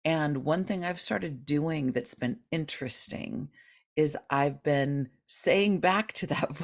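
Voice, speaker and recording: A woman host with a low-pitched voice speaks effusively and affirmingly to her guest. Her podcast interview talk grows animated when she acts out inner voices. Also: takes it slowly.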